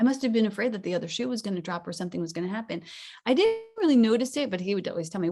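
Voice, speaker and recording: A middle-aged woman giving a conversational, animated sermon, often acting out the voices she quotes. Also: on the high side, fast, breathy edge. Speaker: minister.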